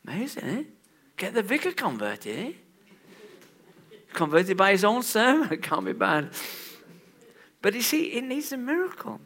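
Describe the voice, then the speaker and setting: A man preaching a sermon in a church, animated, swinging from hushed asides to loud exclaims. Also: high-pitched, normal speed, long pauses.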